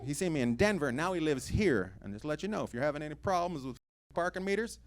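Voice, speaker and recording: A man doing stand-up comedy, teasing the crowd loudly with crude banter from a club stage. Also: fairly high pitch, lively intonation, fast talker. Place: comedy club stage before a live audience. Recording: live club recording with noise.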